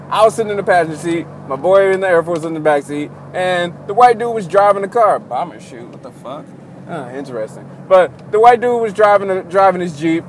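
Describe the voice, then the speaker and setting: A man's voice: a little high, slight background noise. Profane rambling young man in a car. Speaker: storyteller. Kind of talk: casual storytelling.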